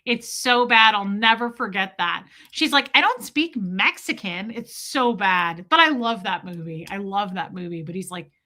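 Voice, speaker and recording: A woman's voice: mid-range voice, normal speed, hardly any pauses. An American woman hosting a livestream, chatting casually and emphatically with her viewers. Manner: animated, emphatic, mock accents. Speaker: livestream host.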